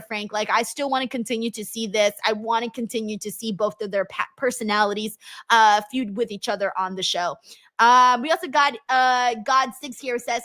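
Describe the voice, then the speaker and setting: A young woman hosting a casual livestream, chatting and reading viewer messages with lots of ums and excited bursts. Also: on the high side. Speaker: wrestling livestream host. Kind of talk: casual livestream chat, reading super chats.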